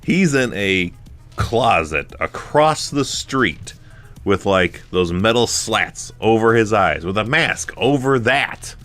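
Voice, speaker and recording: A man in his forties talks through a horror film on a podcast in a loose, rambling way, often restarting his sentences. His voice sits very low, and faint music plays behind him. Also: lively intonation, slow, fairly bright tone. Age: 40s. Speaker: podcast co-host. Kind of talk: casual film chat.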